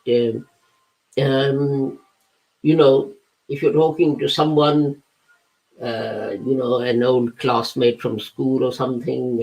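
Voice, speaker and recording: Here a gravelly, mid-range male voice comes through poor audio. The speaker, a religious lecturer, teaches scripture in a patient, step-by-step way with everyday examples, sometimes hesitating and correcting himself.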